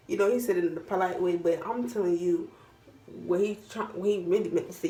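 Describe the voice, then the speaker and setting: A young woman vlogger telling a casual storytime in an animated, dramatic way, full of slang. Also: fairly high pitch, brisk. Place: at home, doing her hair while talking. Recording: roomy echo from a distance, faint background hum.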